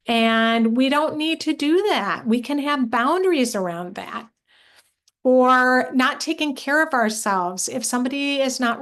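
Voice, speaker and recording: A woman's voice: a little high, fairly bright tone. A middle-aged woman leading a workshop for moms, speaking in an earnest, encouraging way and putting questions straight to her listeners. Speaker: workshop leader and coach for moms. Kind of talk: live online workshop talk.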